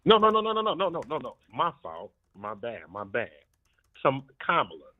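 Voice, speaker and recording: A man's voice: mid-range voice, wildly swooping pitch, moderate pace. A man calling in to a talk show, chatting casually and speaking hesitantly with fumbles and restarts, heard over a phone line. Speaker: caller. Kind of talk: casual call-in chat.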